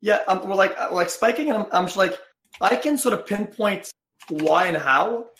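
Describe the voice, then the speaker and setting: High, gravelly Quebec French man. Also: animated, a bit bright, reverberant. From Quebec, Canada. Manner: rambling, halting, swears casually. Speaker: streamer. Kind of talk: casual chat.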